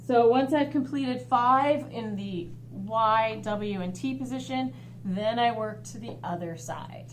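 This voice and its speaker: A woman fitness instructor giving clear step-by-step coaching cues for a home workout. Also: fairly high pitch, slow, recorded from a distance. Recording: roomy echo, off-mic, faint hum.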